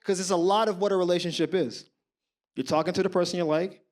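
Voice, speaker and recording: In his thirties, this comedian delivers stand-up in a high-pitched voice at a quick pace. He's animated and conversational, talking straight to the crowd and acting out the people in the stories he tells.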